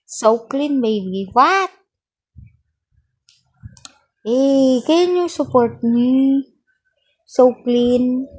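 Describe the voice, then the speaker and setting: Slow-talking woman livestreamer. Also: high voice, expressive, a little mellow, low-quality recording. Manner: reads out viewer names, asks for gifts; mixes English with Filipino phrases. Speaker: livestream host. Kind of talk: casual livestream chat with viewers.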